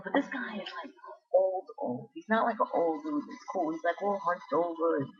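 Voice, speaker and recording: An expressive woman with a mid-range, slightly rough voice chats on her vlog at a moderate pace. Her casual story wanders through asides and restarts, recorded in dull lo-fi quality.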